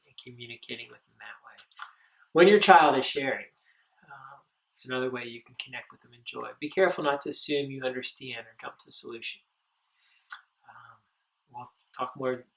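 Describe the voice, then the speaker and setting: A man's voice: mid-range voice, creaky. Guy teaching camp counselors, earnest, lots of ums, sounds a bit far from the mic. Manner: earnest, halting, with many ums and restarts. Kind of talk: instructional talk.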